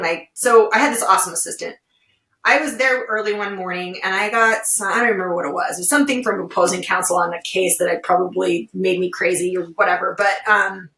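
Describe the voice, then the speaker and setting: A woman's voice: mid-range voice, moderate pace. A woman guest on an interview podcast, talking casually and telling stories expressively. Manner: expressive storyteller, animated retellings. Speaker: podcast guest, legal well-being director. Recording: roomy, distant-mic sound.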